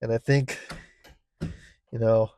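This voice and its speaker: A man's voice: mid-range voice, flat delivery, warm tone, clean tone. A man, out of breath in a cold, dim home garage, casually talking through car parts with lots of fillers and restarts. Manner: halting, filler-heavy explaining. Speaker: car enthusiast vlogger.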